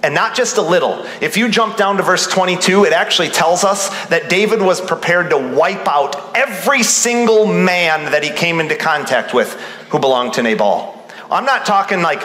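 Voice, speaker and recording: Bright-voiced man preaching in a hall. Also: on the high side, normal speed. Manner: animated preaching, acting out quoted voices. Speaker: pastor. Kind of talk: sermon. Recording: roomy hall reverb.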